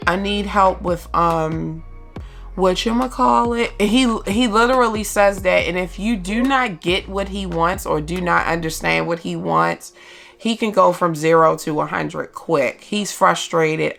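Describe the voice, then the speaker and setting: A mother talking candidly in a personal vlog, slow and halting, with many pauses and ums, open about her feelings. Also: on the low side, fairly even intonation, gravelly, fairly bright tone. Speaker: mother vlogger.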